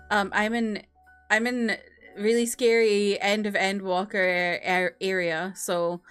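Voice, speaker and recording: A woman's voice: mid-range voice, a bit bright, clear, resonant tone. A woman streamer chatting casually with her viewers, greeting them by name between giggles and filler words. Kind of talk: casual live-stream chat.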